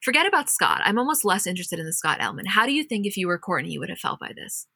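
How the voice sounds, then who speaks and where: Animated woman podcast host, bright voice. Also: mid-range voice, racing, creaky, husky, no echo, studio quality. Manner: animated, dramatic storytelling. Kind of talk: casual recap chat.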